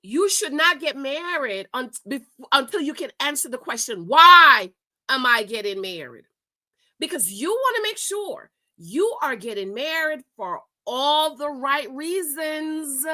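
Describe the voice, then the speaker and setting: Woman host, reaction commentary; emphatic, animated storyteller with a bright, crisp voice. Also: high-pitched, a little slow. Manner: emphatic, animated, laughs often, says "okay?" a lot. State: married.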